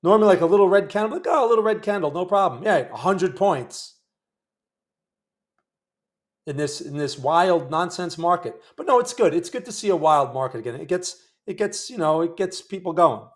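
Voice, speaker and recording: A man's voice: fairly high pitch, expressive, fairly quick, hardly any pauses. A man hosting a live day trading stream, chatting wryly with viewers about the trades he is making. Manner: chatty, wry, talks to viewers while trading. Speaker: day trading livestream host.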